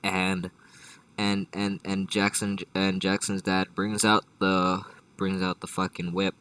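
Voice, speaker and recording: A deep-voiced man spins an improvised comedy story, rambling and swearing, with constant restarts and tangents. His voice is forceful, and he sits a bit back from the mic in a dry room. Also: monotone, takes it slowly, clear, resonant tone, dry recording, far from the mic, poor audio. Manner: rambling and profane, many restarts and asides. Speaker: storyteller host.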